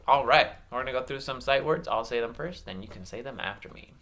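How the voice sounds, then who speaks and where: A man teaching a phonics lesson to young children, saying words slowly and praising each answer. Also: mid-range voice, animated. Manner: slow, drawn-out words with bright praise.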